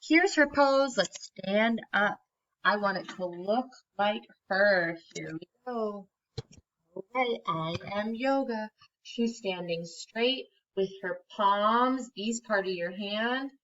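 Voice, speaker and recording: Slow, bright-voiced woman teacher. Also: medium pitch, dull audio, slight background noise. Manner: slow, gentle and encouraging, prompting children to join in. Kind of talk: reading a picture book aloud to children and leading yoga poses.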